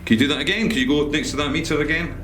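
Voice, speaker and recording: Excited man in echoey vault. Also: fairly high pitch, rapid-fire, soft background music. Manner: excited, reacting to readings. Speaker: paranormal investigator. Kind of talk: live investigation commentary.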